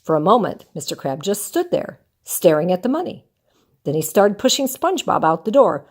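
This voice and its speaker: An older woman, a grandmother, reading a picture book aloud in a gentle, expressive way. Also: on the low side, moderate pace, slightly rough. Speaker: storyteller.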